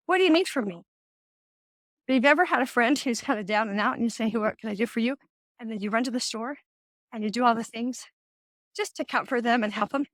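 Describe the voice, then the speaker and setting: A middle-aged woman hosts a casual faith-based talk with a fairly high voice. She tells stories with animation and acts out the voices she quotes. The sound is close and dry. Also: fairly bright tone, dry recording. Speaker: host.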